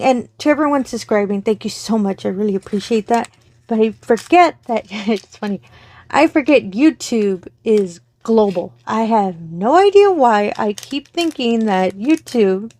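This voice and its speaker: Chatty woman, a little high. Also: a little mellow, dry recording. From Texas, US. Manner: rambling, self-correcting, friendly. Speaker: crafting channel host. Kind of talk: casual chat to viewers.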